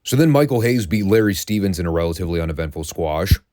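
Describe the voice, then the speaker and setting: A man's voice: low voice, animated, quick pace, darkish tone. A middle-aged man hosting a recap podcast, telling stories in a sardonic, profane and amused way. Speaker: podcast host.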